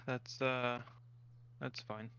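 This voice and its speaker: A man's voice: mid-range voice, little pitch movement, very slow, bright, forceful tone, clear, resonant tone, dull audio. A man playing a tabletop game, talking casually and trailing off as he works things out. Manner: hesitant, trailing off. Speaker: player.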